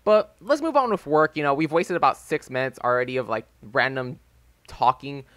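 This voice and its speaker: A gaming YouTuber in his early twenties spins a loose, rambling story over gameplay, filling it with "like" and "um." His mid-range voice is a bit bright at a normal speed, with no room sound, captured on a desk microphone with a phone as backup.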